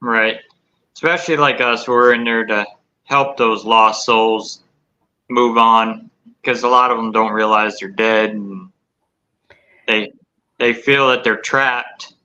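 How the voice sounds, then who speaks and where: A man's voice: on the low side, steady tone, slow pace, long pauses, bright, forceful tone. A man hosting a podcast, talking plainly and agreeably about his investigation work, on dull lo-fi audio. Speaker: podcast host. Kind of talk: casual interview chat.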